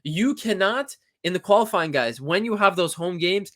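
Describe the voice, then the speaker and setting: A man's voice: sits high, animated, normal speed, fairly bright tone. A young man giving a casual, opinionated football recap, chatting in a rambling way with frequent restarts. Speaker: football channel host.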